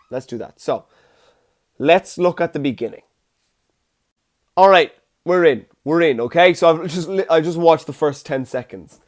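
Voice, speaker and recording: A chatty Irish man talking alone on his podcast, joking and swearing casually. His voice sits a touch higher than most men's. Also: a little mellow. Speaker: podcast host. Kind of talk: solo podcast chat.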